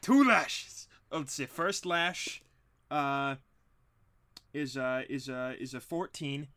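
A man's voice: mid-range voice, slow, bright, forceful tone. Flustered, stammering young man. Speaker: tabletop game player. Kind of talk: casual game chat.

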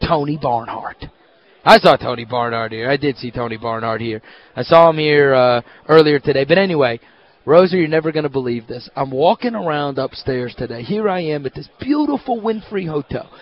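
A man hosting a sports radio show, telling stories in an animated, casual way. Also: fairly high pitch, a little fast, muffled recording. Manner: animated storyteller, excitable. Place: hotel at a media event.

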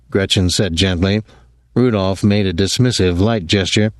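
A man narrating an audiobook in a measured, even way. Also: sits low, dry recording, clean studio sound.

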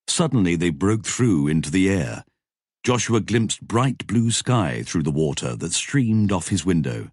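A man with a husky voice reading a novel aloud as scripted narration, measured and even. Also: low voice, no echo, studio quality. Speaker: audiobook narrator.

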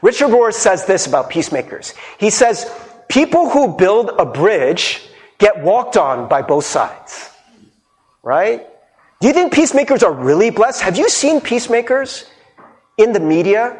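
A male pastor giving a sermon in a conversational, animated way, often mimicking people and laughing. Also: high-pitched, a little slow.

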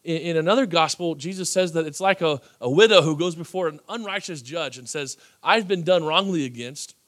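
A male pastor preaching with animated energy and a fairly high voice. He swings between quiet asides and loud bursts, acting out the people he quotes. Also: a little fast. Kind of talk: sermon.

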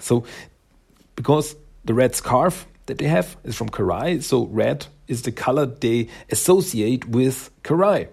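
A man talks through a comic book's story at an unhurried crawl. His voice is gravelly and a bit husky, and he rambles with plenty of fillers. He slips into the characters' lines as he goes. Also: medium pitch, animated, darkish tone. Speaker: comic book reviewer. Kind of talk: casual recap of a comic.

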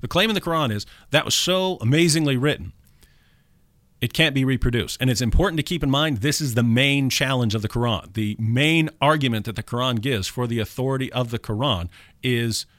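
A man's voice: medium pitch, a little fast, a bit bright, dry recording. A man speaking on a call-in radio talk show, recites quotations in a raised tone. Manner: quotes scripture in a raised, recited tone. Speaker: guest speaker.

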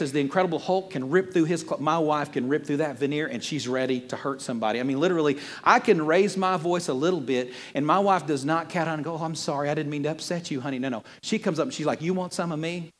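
Animated preacher man, high voice, echoing hall. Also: fast. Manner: animated, conversational preaching with playful asides. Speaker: pastor. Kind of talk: sermon.

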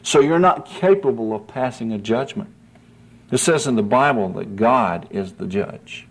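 A man's voice: mid-range voice, animated, normal speed. A man preaching a sermon in an earnest, folksy way, often asking "see?" and building to emphatic peaks.

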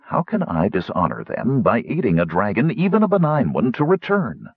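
A man voicing a stern, honor-bound knight who speaks in a measured way. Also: mid-range voice, wildly swooping pitch, breathy edge, no echo, phone-quality sound, pitched above the performer's own voice, heavily acted.

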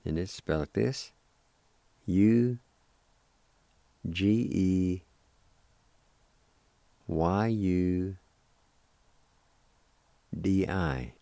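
Man, very deep voice, mellow tone, patient language lesson, dry studio sound. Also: creaky, no echo. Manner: slow, patient, repeats each word. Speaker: radio language teacher. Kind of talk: slow spelling and pronunciation lesson.

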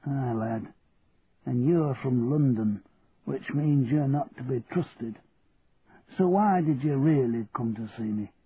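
Brief: male reader doing a wary old Yorkshire man, gruff and slow, tinny lo-fi recording. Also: mid-range voice, close to an everyday voice. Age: older. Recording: tinny lo-fi radio recording, faint hiss.

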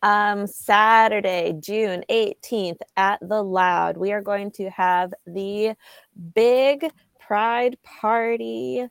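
A woman who works as a DJ and emcee, chatting casually as a podcast guest and hyping up events in a drawn-out way. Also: medium pitch, fairly even intonation, creaky, clear, resonant tone, no room sound. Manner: drawn-out, hyped promoting of events. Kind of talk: casual chat.

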